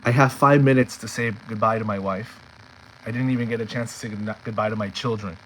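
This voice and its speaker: A man's voice: lowish voice, fairly even intonation, fairly quick, slight background noise, poor audio. A man telling a heartfelt personal story in an earnest way, often repeating himself when stirred. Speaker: storyteller sharing a personal journey.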